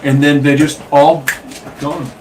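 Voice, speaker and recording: A man chatting casually, excitable, trailing off mid-sentence, recorded in a room at home. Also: a little high, slow. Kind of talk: casual chat. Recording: roomy, distant mic with faint noise.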